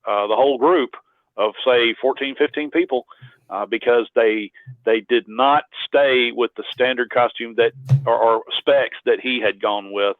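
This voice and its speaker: A man's voice: mid-range voice, measured pace, no room sound, narrow, tinny audio. A man, a cosplayer, telling rambling anecdotes as an interview guest, often restarting his sentences. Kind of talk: casual interview storytelling.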